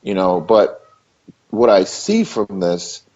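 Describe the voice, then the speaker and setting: A low-pitched man talks casually in an interview, stressing his points by repeating words. His manner is loose and emphatic. The recording is dull and lo-fi. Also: big pitch swings, takes it slowly, a little mellow. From Maryland. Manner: emphatic, repetitive, loose and conversational. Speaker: interview guest, bodybuilder.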